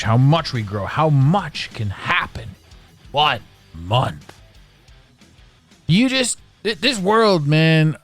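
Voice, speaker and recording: Male podcast host, loose rambling talk, salty language, lively swooping pitch, dry close mic. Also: dry recording. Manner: candid, profane, meandering with restarts. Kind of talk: casual rambling monologue.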